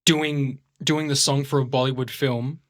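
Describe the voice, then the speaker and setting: A man's voice: medium pitch, fairly even intonation, measured pace. A young Australian man co-hosting a podcast, telling stories and acting out pronunciations in casual chat. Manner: storytelling, demonstrates pronunciations. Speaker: podcast co-host.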